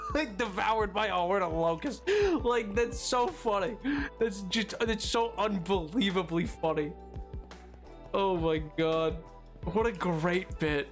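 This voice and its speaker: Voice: medium pitch, slow, soft background music. A streamer on a live gaming stream, loopy and giddy, laughing hard through nearly every sentence.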